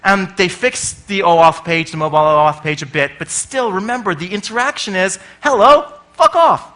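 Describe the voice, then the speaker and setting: A man giving a comic conference talk, animated and swearing freely, often acting out little voices. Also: high voice, normal speed. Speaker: conference speaker.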